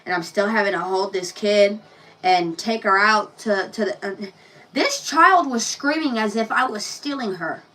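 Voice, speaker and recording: A woman's voice: medium pitch, a little slow, fairly bright tone, far from the mic, rough recording. A woman giving a casual tarot reading, telling a personal story and talking bluntly and profanely straight to the viewer. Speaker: tarot reader.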